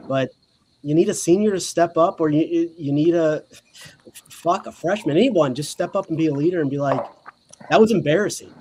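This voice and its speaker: A man co-hosting a casual sports podcast, giving relaxed, frank opinions with a bit of profanity. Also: a little high, fairly quick, a little hiss or hum.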